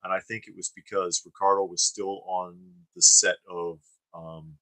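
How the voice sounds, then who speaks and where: A man's voice: deep voice, level tone, moderate pace, bright, forceful tone, no room sound, low-quality recording. A man co-hosting a live stream, chatting casually and reading viewer comments, rambling with fillers and restarts. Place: studio.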